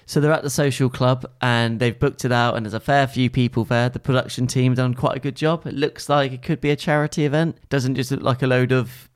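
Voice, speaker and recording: A woman's voice: rumbling low, steady tone, fairly quick, few pauses, no echo. A woman co-hosting a podcast, chatting casually about a TV episode with dry, teasing banter. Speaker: podcast co-host. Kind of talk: casual chat recapping a TV episode.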